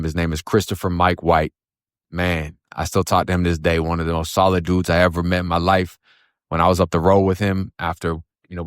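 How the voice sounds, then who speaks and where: A man's voice: deep voice, smooth, no room sound, studio quality. A man from Florida telling his own story in a blunt, profane, streetwise way. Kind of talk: casual spoken storytelling.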